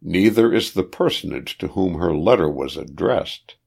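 Very deep male story narrator. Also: expressive, moderate pace, creaky, darkish tone, husky. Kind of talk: scripted story reading.

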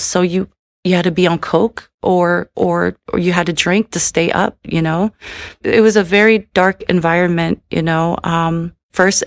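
A woman sharing a personal testimony in an earnest, halting way, often adding "you know". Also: lowish voice, creaky, no room sound, studio quality. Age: adult with a daughter.

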